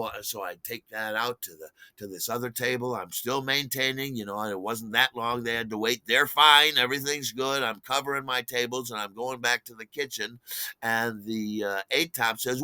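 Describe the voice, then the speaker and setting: Clear and resonant, this sixty-something man's mid-range voice moves at normal speed with no room sound. Telling a personal story casually, he gets animated, rambles through fillers and restarts, and performs the quotes.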